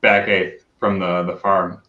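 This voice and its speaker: Co-hosting a casual whiskey livestream, a man swears freely, apologizes often, and reads out the chat aloud. His voice is low, his delivery flat and measured, and the sound is echoey with the highs cut off.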